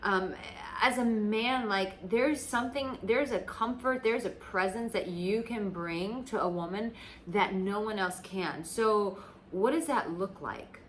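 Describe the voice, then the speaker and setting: A woman's voice: medium pitch, unhurried, slight background noise, low-quality recording. A woman from the United States, a dating coach, talking casually and emphatically to her audience, swearing freely and filling her speech with "like.". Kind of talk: casual talk to camera.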